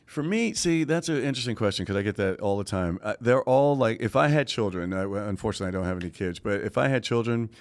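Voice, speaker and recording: A man's voice: fairly low pitch, expressive, fast talker, hardly any pauses. A middle-aged man, a Broadway actor, chatting as a guest in a playful, storytelling way and laughing often. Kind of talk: casual interview chat.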